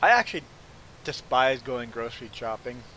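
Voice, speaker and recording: A Belizean game streamer tells a story in casual chat while livestreaming a farming game, speaking at medium pitch and a moderate pace. He's animated, stammers on repeated "I"s, and acts out the people he quotes. The audio is poor, with slight background noise.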